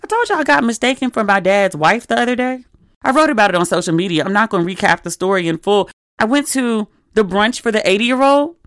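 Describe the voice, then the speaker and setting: A young woman talks solo on her podcast, telling stories with lots of asides. Her voice sits in a middle register and comes across animated. The recording is dry and close, with no room sound. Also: medium pitch, fast, no room sound. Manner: animated, conversational storytelling with asides. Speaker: podcast host. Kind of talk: casual solo chat.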